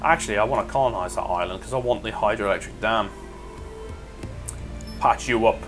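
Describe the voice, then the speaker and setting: A man's voice: lowish voice, brisk. A young man giving casual, crude, rambling game commentary. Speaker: gaming commentator. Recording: voice over game music.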